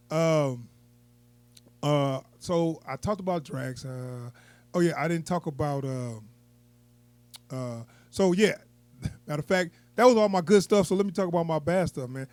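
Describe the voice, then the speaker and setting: A man's voice: fairly high pitch, unhurried, long pauses, a little mellow, dry recording. Rambling man reviewing a movie. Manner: rambling, unscripted, chuckles often. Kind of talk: casual off-the-cuff review.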